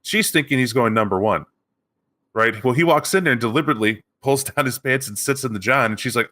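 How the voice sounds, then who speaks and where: A man's voice: mid-range voice, a little fast, bright, forceful tone. A man co-hosting a podcast, telling a tabletop game story in a casual chat and acting out the characters. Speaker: podcast co-host.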